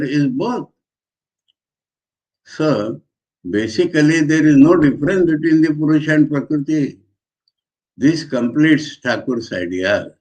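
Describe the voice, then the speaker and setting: A man, a monk giving a measured scripture commentary lecture, pausing between phrases. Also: mid-range voice, a little mellow. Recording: dull lo-fi lecture recording.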